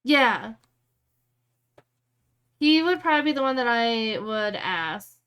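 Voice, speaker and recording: A woman's voice: on the high side, very animated, slow, a bit bright, clean tone. A woman chatting casually on a live stream, rambling and thinking aloud as she works.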